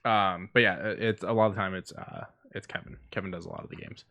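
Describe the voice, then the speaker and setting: A man co-hosts a podcast in a low-pitched, pushed and bright voice, speaking quickly with fairly even intonation. In casual chat he tells stories and runs down the news, using plenty of fillers.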